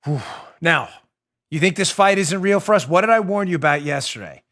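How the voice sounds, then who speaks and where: Indignant high-voiced man ranting. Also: animated, brisk, fairly bright tone. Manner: indignant, sarcastic, emphatic with repeated rhetorical questions. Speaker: host. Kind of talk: political talk show monologue.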